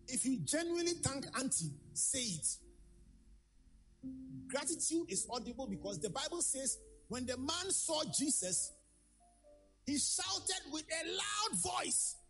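A male preacher delivering a sermon, hammering home each point by saying it twice. His pitch rises and falls dramatically as he drives the message. Music plays clearly underneath him. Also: expressive, measured pace, long pauses, rough recording. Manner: emphatic, repeats key phrases, acts out quoted voices.

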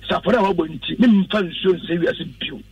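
A man's voice: high-pitched, normal speed, distant mic, highs cut off. A man, a pastor speaking as a radio guest in an earnest, instructive preaching style. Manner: earnest, instructive, quotes scripture.

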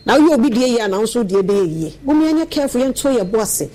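A Ghanaian woman giving an animated radio talk, preaching to listeners and repeating her points for emphasis. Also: a little high, racing, poor audio. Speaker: radio commentator.

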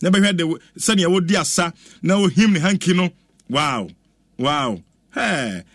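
Animated Ghanaian man, dry voice. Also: fairly high pitch, measured pace, no room sound. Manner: animated, exclaims and chants, mixes English with Twi. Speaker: radio presenter. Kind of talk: lively radio chat reacting to videos.

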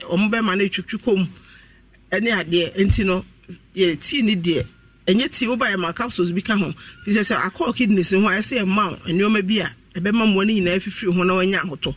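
A man's voice: high-pitched, fairly bright tone. A man, a health practitioner guest on radio, explaining and giving health advice earnestly. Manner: rapid, earnest explaining and advising. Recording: voice distant from the microphone.

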